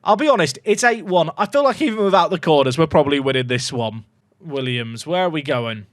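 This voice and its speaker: Excitable man commentating a game. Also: a little high, a little fast, no room sound, clean studio sound. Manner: excitable, jokey, reacts loudly to goals. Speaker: gaming YouTuber.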